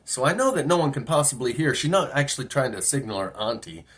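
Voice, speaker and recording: A man's voice: mid-range voice, very animated, quick pace, a bit bright. A man telling a personal story in a rambling, musing monologue, often asking himself questions. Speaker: vlogger.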